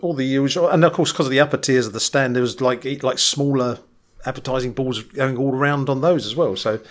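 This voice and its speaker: A man's voice: mid-range voice, brisk. Dry, wry man on a podcast. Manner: dry, wry asides with frequent ums. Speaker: podcast co-host. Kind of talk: casual chat.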